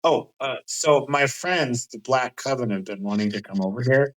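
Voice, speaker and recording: A man's voice: mid-range voice, moderate pace, natural voice, low-quality recording. A man voicing a mischievous male trickster god who talks smugly and finds chaos funny in a tabletop game. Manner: smug, amused, chaotic.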